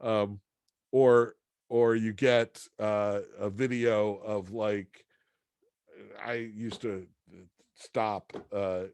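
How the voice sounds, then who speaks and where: A man's voice: on the low side, darkish tone, clean tone. A man teaching a class, telling a story in a rambling, hesitant way full of fillers and restarts. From near Boston, USA. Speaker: instructor.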